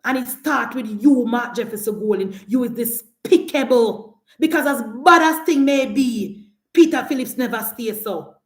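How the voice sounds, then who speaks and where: A woman's voice: on the high side, normal speed, roomy sound. A woman with a Jamaican accent delivering an impassioned political rant as a commentator, scolding and emphatic, hammering the same attacks again and again.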